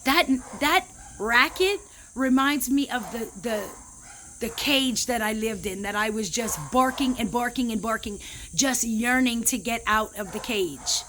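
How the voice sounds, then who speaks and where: Woman, 30s, high voice, emotional vlogger, earnest and rambling with restarts. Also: measured pace, sharp tone, slight background noise. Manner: heartfelt, rambling, with many restarts. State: emotional, near tears. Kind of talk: emotional personal vlog.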